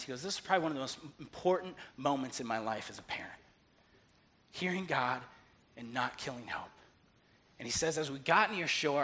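A man preaching a sermon, telling a story and acting out its dialogue, moving between hushed, quiet passages and loud, excited ones. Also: a little high. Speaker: pastor.

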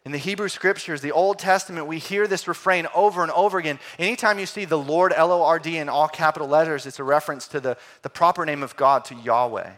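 A middle-aged man preaches with a slightly high voice. He is animated, rising to loud exclamations and then dropping to hushed, quiet phrases. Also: fast, hardly any pauses. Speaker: pastor. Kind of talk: sermon.

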